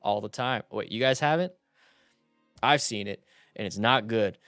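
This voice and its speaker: A young man hosting a motorcycle channel, commenting on riding videos in a casual, animated way and giving blunt advice. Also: on the low side, normal speed, dry recording, faint music behind.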